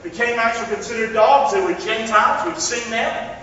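High-voiced man preaching in an echoey hall. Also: a little fast, bright, forceful tone, a little hiss or hum. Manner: interactive, has the congregation repeat phrases. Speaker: pastor. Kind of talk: sermon. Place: church hall. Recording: echoey hall from far off, dull sound.

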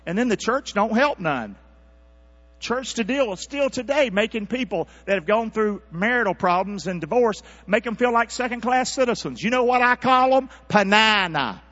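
A man preaching a sermon as pastor, calling out for responses from his congregation and swinging from quiet asides to loud, high-pitched exhortation. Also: moderate pace. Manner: calls for congregation responses, animated rising delivery. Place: church sanctuary. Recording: dull lo-fi church recording with mains hum.

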